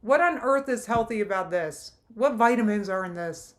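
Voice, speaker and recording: A woman's voice: medium pitch, expressive, moderate pace. A woman streaming a live reaction, talking in an exasperated, mocking way and breaking off to laugh. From New Jersey.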